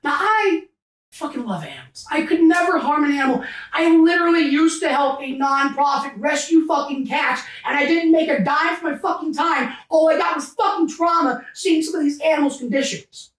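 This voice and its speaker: A man as a podcast guest in an emotional, heated rant, cursing and often shouting, choked up close to tears. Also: very high voice, moderate pace, recorded from a distance. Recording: roomy sound, set back from the mic.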